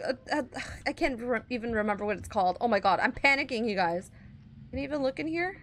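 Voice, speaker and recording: A woman's voice: a little high, animated, fast talker, a bit bright, a little hiss or hum. A young woman playing a horror fan game and commenting as she goes, talking to herself and her viewers, often gasping and easily startled. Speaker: gaming YouTuber.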